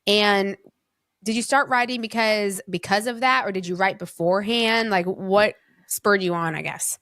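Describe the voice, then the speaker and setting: A woman's voice: mid-range voice, moderate pace, a bit bright, dry recording. Woman host, dry close sound, chatty casual interviewer. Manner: chatty, uses many fillers. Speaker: podcast host.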